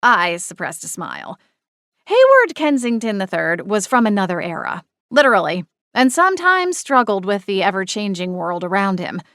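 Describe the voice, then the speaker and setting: A woman reads a first-person cozy mystery with a playful, animated delivery. Her pitch dances through the lines at a mid register. The studio sound is close and dry. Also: moderate pace, no room sound. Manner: expressive, playful. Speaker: audiobook narrator. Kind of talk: first-person audiobook narration.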